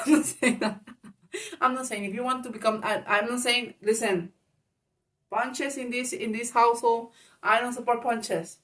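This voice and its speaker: A frank, chatty woman with a slightly high voice gives casual advice straight to her viewers. She laughs often, swears freely and calls the listener baby. Her voice sits a little back from the mic. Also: fairly even intonation, moderate pace, fairly bright tone, far from the mic, a little hiss or hum. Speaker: advice vlogger.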